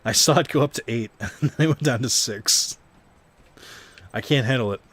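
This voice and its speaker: A man's voice: medium pitch, normal speed, fairly bright tone, slightly rough. A young man casually commenting on a card video game stream, rambling and self-deprecating, swearing now and then.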